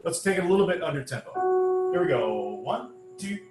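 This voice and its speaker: Very animated and quick, a choir director with a fairly high voice runs an online rehearsal over loud music, his video call audio sounding roomy. He explains diction and demonstrates with short sung phrases between instructions.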